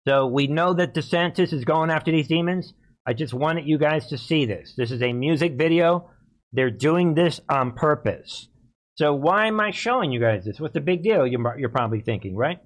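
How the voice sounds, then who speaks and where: Male host of a live-streamed political commentary show, emphatic and repetitive, speaking voice sits a little high. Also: lively intonation, moderate pace. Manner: emphatic and repetitive, keeps calling out to viewers.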